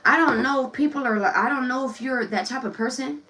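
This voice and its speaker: A woman's voice: high-pitched, brisk, sharp tone, far from the mic, rough recording. Chatty, blunt woman reading tarot. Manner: loose, chatty and blunt, swears freely, laughs often. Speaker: tarot reader.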